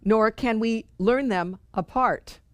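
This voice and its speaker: Speaking slowly in a fairly high voice, a middle-aged woman guides a spiritual study group. Her teaching is earnest and conversational, and she repeats phrases to drive her points home.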